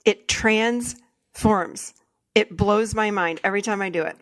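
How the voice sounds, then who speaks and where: A woman's voice: medium pitch, a little slow, a bit bright, dry recording. A woman hosting a podcast, talking earnestly and enthusiastically and repeating phrases for emphasis. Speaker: podcast host and therapist. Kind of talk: casual podcast chat.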